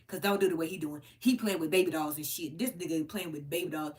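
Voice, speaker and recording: A woman hosting her own commentary channel, ranting bluntly and profanely to her viewers, her pitch leaping high whenever she gets worked up. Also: sing-song, brisk. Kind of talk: unscripted rant to camera.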